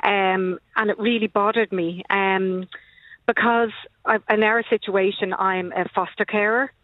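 An Irish woman caller heard over a thin, tinny phone line, with a dry, close sound. She speaks in a mid-range voice, earnest and steady, with a note of disappointment. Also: mid-range voice, measured pace, dry recording. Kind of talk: casual phone-in chat.

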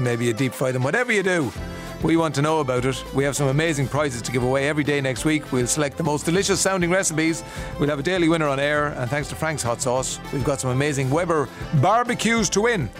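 A middle-aged Irish man hosting a radio show in a relaxed, chatty and amused way, reading out listener messages. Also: mid-range voice. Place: radio studio.

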